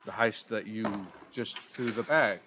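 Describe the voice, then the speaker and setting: A young man narrating as game master of a tabletop game, animated and laughing often. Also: lowish voice, a little slow, noisy background.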